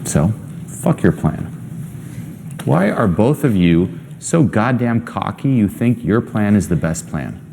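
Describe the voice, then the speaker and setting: A young man leads a coaching session in a low voice that swings widely up and down. He is blunt and emphatic, swearing freely and pushing his listeners with question after question. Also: big pitch swings, slow, vocal fry, mellow, slight background noise. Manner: asks many rhetorical questions. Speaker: self-help coach.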